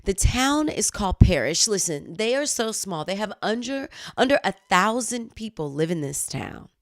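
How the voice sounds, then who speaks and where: Female news-commentary host, animated and chatty, lively swings in pitch. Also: moderate pace, no room sound, clean studio sound. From United States. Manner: animated, chatty, exclaims and laughs at herself.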